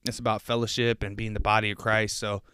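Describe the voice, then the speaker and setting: A man's voice: lowish voice, flat delivery, fast, pushed and bright, clean tone, no room sound, clean studio sound. A young man hosting a casual faith podcast, rambling earnestly with lots of fillers, a little out of breath. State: slightly out of breath. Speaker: podcast host.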